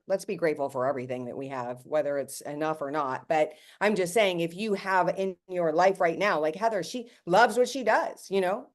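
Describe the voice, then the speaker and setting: On a team call, a network marketing team leader in her fifties tells her story with chatty animation, acting out quotes and speaking directly to her listeners. Her pitch is fairly low.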